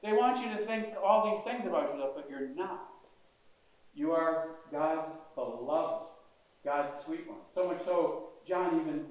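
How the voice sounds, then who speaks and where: Older male priest, fairly high voice, folksy sermon, big echoing church, mic at a distance. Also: animated, unhurried. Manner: conversational preaching with questions to the congregation. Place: large church. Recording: echoey church heard from a distance.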